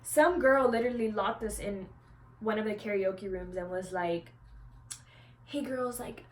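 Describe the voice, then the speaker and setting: A young woman vlogger tells a story to the camera in a chatty way, full of "like" and swearing, and acts out what other people said in lively quoted voices. Her voice is medium-pitched at a normal speed, with a little hiss or hum on the recording.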